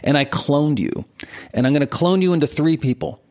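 A man in his forties, a guest on an interview show, teaching with lively examples and frequent laughter. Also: a little high, brisk. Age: 40s. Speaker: martial arts and meditation teacher, guest. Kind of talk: explanatory interview talk.

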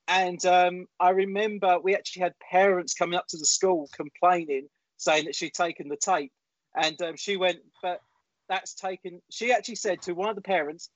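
A man with a high voice co-hosts a podcast, telling a story in halting bits full of restarts. The sound is dull and dry, with no room around it and a muffled top end. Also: steady tone, dry recording. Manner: hesitant, many fillers and restarts. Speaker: podcast co-host.

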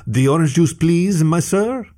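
A man voicing a warm, jovial older male otter father who speaks expansively and drops in Italian phrases in a read-aloud story. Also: a little high, lively intonation, measured pace, pitched above the performer's own voice.

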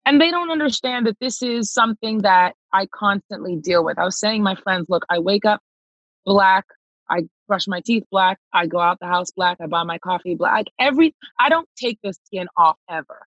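Speaking in a mid-range, slightly bright voice with lively intonation and a moderate pace, a touring singer recounts a personal story. She is emphatic, reenacts the dialogue, and addresses the listener as "girl," recorded lo-fi with no echo.

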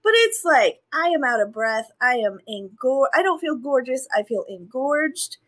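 Pregnant young woman, high voice, blunt and sweary, casual podcast co-host. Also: moderate pace. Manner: blunt, expressive, swears freely. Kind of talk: casual chat.

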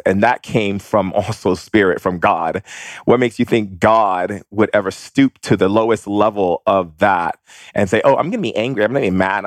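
Deep dry guy going on and on about spirit stuff, warm and gushing. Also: no room sound. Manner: rambling, effusive, affectionate. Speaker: spiritual teacher. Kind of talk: spiritual monologue.

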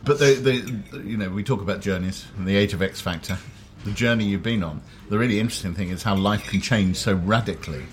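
Man, deeper voice, from South London; dry storyteller at a dinner table. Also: quick pace, slight background noise. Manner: wry, storytelling, self-deprecating. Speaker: interviewer. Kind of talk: casual chat over a meal. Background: clinking cutlery and dishes.

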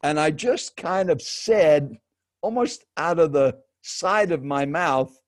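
A professional male speaker with a higher-pitched voice shares a personal anecdote with a host, speaking slowly as a lively storyteller who turns to his listener with direct questions. The studio-quality recording is dry, with no echo.

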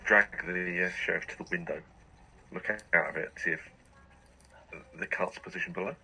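A man's voice: low voice, fairly even intonation, normal speed, gravelly, sharp tone, a little hiss or hum, rough recording. A man playing a tabletop game, blunt and brash in his moves. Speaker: player. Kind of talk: casual role-play.

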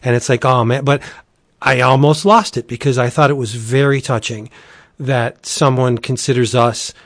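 Man, podcast co-host, earnest, halting, dry close sound. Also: mid-range voice, no room sound. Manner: earnest, halting, many restarts. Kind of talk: casual chat.

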